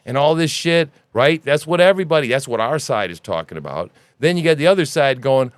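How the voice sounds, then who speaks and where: A man hosting a news commentary podcast, ranting in an animated, sarcastic and profane way. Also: on the high side, a little fast, few pauses, clear, resonant tone, dry recording. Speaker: podcast host.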